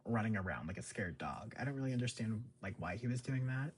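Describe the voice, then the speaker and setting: A man's voice: mid-range voice, animated, fast, slightly rough. A man casually recapping a TV episode, rambling with lots of fillers. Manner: rambling, filler-heavy, chuckles often. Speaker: show recap host.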